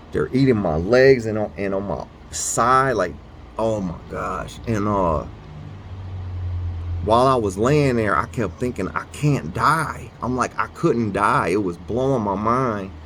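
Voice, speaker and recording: A man with a lowish voice talks slowly, rambling and restarting his sentences as he tells a story. He also reads a devotional aloud in an unhurried way. A faint hum of air conditioning sits behind him indoors. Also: fairly bright tone. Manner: rambling, halting, fillers and restarts. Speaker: vlogger. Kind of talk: casual storytelling.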